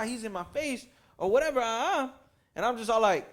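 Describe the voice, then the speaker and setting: A man's voice: extremely high pitch, brisk. A man telling a story straight to camera at home, casual and full of swearing, acting out the voices of the people in it. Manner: animated, swears a lot, acts out voices of people in his story. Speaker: storytime vlogger. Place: at home, indoor room with lights rigged. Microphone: camera mic.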